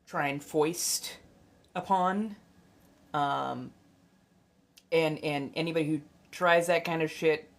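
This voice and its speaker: A young adult woman hosting a casual livestream, chatty and blunt, swearing freely and dotting her talk with fillers and laughs. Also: low-pitched. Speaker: livestream host and tarot reader.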